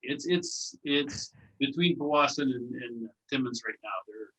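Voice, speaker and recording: A man's voice: medium pitch, a little slow, fairly bright tone, rough recording. An older man, a podcast guest talking casually in a plain-spoken, rambling way. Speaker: guest, host's father. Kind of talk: casual chat.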